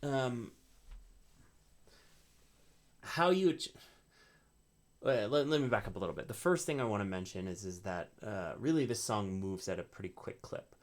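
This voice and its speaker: A man's voice: on the low side, normal speed. A man teaching ukulele rhythm in a casual, explanatory way, often checking in with "right?" while strumming between phrases. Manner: relaxed, explanatory, frequent "right?" check-ins. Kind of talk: casual instructional talk.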